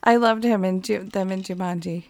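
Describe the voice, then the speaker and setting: A woman's voice: medium pitch, fairly even intonation, moderate pace, a little mellow. A woman chatting casually, laughing often as she recalls funny scenes. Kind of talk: casual chat.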